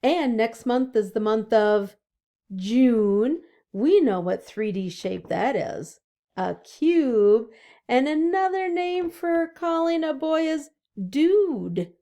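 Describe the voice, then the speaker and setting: A woman teacher giving a slow, sing-song phonics lesson to young children over distance learning, drawing out each word. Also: sits high, animated, dark tone.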